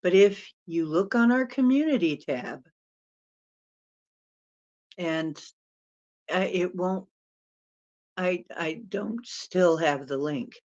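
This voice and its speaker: Slow-talking woman hosting a live stream. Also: lowish voice, expressive, a little mellow. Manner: rambling, chatty, laughs often. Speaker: spiritual channeler hosting a live Q&A. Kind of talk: casual live-stream chat. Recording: dull lo-fi sound.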